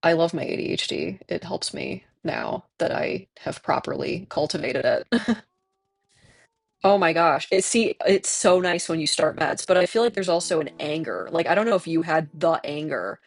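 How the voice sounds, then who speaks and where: A streamer in their twenties, hoarse from tonsillitis, chatting candidly with viewers and laughing often while playing a game. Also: medium pitch, moderate pace, dry recording. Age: 20s. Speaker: livestreamer reading chat.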